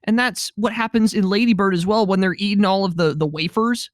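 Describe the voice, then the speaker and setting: A man's voice: sits high, brisk, no room sound, studio quality. Wry laid-back man telling a story. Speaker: podcast co-host. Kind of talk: casual storytelling chat.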